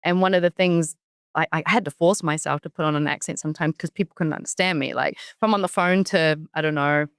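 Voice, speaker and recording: A woman in her thirties from New Zealand with a partly Americanized New Zealand accent, chatting casually as an interview guest, animated and quick to laugh. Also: clear, resonant tone, no room sound, studio quality. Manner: animated, laughing, jumps high for quoted voices. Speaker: guest, professional wrestler.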